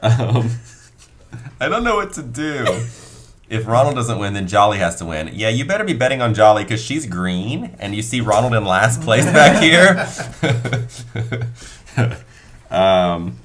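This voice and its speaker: A man's voice: mid-range voice, big pitch swings, slow, long pauses, fairly bright tone, a little hiss or hum. A man chatting casually as he plays a board game on a live stream, joking about himself and thinking aloud. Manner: self-mocking, thinks aloud, laughs often. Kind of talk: casual chat while playing a board game.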